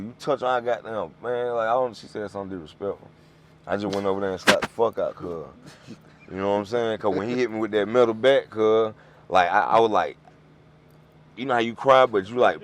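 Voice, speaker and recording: A man telling animated stories on a podcast as a guest. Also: fairly low pitch. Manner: animated, acts out voices in his stories. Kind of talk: casual storytelling.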